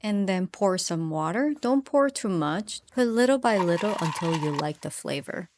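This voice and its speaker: A woman's voice: fairly low pitch, expressive, moderate pace, darkish tone, slight background noise. A woman cooking at home and chatting playfully, dropping in bits of Malaysian slang as she talks. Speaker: home cook. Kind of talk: casual cooking vlog chat.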